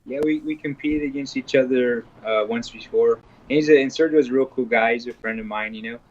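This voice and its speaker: A man answering interview questions in an easygoing, unhurried way, often repeating words while he thinks. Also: medium pitch, muffled recording. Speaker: interview guest, grappling competitor and instructor. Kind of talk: casual interview chat.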